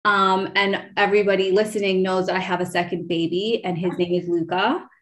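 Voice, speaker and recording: A woman's voice: medium pitch, little pitch movement, normal speed. Emotional woman telling a personal story. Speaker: podcast host. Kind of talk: casual interview chat.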